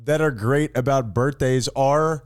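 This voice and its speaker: A man's voice: a little slow, clear, resonant tone. A man co-hosting a podcast in casual comedic chat, playful and mock-grandiose in his delivery. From Florida, USA. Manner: playful, mock-grandiose, lively pitch swings. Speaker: podcast co-host.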